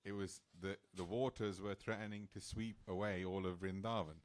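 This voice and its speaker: A man's voice: low-pitched, steady tone, normal speed. A man speaking as a temple speaker, telling a sacred story in a casual, chatty sermon style. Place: temple hall.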